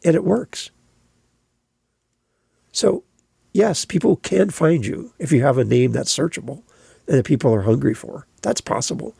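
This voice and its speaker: A man's voice: mid-range voice, animated, a little slow, creaky, long pauses, mellow, breathy edge, no room sound, studio quality. A man hosting his own podcast alone, talking emphatically and repeating phrases for stress. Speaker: podcast host. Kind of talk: solo podcast monologue.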